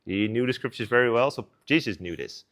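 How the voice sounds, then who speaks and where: A young man gives a casual sermon at a student service. He retells the story in an animated, conversational way. His speech is loose and full of filler like "like". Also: medium pitch, a little fast. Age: young adult.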